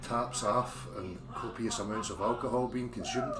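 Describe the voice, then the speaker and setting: A man's voice: mid-range voice, normal speed, roomy sound. A Scottish man hosting a casual livestream, chatting informally and reading out viewers' names as he greets them. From Scotland. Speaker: livestream host.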